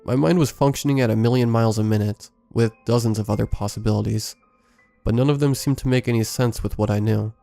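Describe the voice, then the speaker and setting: A man reading a first-person scary story aloud in a measured, scripted storytelling delivery. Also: fairly low pitch, steady tone, vocal fry, mellow, soft background music. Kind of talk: scripted horror story narration.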